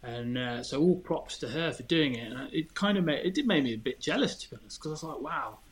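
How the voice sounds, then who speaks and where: A man's voice: fairly high pitch, lively intonation, quick pace. A man, a podcast guest chatting casually and telling candid, self-deprecating stories. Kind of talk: casual chat.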